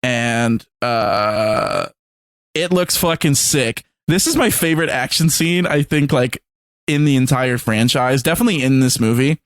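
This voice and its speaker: A podcast co-host with a medium-pitched voice chats casually about movies at an unhurried pace, rambling, swearing often and acting out scenes. There is no echo on the recording.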